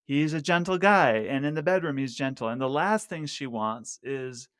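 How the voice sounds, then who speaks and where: A man's voice: medium pitch, lively intonation, normal speed, fairly bright tone, clear, resonant tone, no echo, clean studio sound. Attentive male podcast host. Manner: attentive, encouraging, frequent backchannel. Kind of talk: casual interview.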